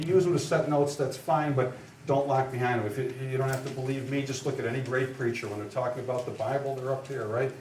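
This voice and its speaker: A man's voice: medium pitch, darkish tone. A man teaching trial skills to lawyers in a live lecture, talking in a conversational, emphatic way and checking in with "right?" and "okay?", recorded far off in an echoey room with faint noise. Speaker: trial advocacy instructor.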